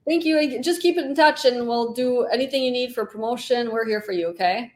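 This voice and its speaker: A woman's voice: on the high side, brisk. A middle-aged woman guest, a nutritionist and author, talking heartfelt and chatty with many fillers in a casual interview. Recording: echoey room.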